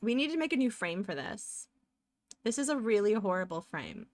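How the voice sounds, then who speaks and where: A woman's voice: medium pitch, very animated, moderate pace, darkish tone, no room sound. A woman live streaming as she draws, chatting casually and rambling as she narrates her work and often laughs. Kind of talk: casual chat while drawing live.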